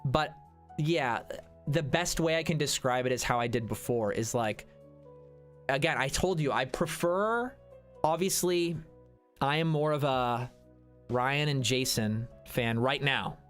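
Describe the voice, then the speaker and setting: A man's voice: mid-range voice, a little slow, faint music behind. A man streaming, chatting casually with his viewers and answering their comments, rambling and restarting his sentences. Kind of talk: casual livestream chat.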